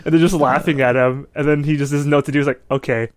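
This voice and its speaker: A man's voice: a little high, steady tone, rapid-fire. A man co-hosting a casual movie review podcast, talking in long, loose stretches full of "like" and "you know". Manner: rambling, heavy use of "like" and "you know". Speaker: podcast co-host. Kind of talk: casual film review chat.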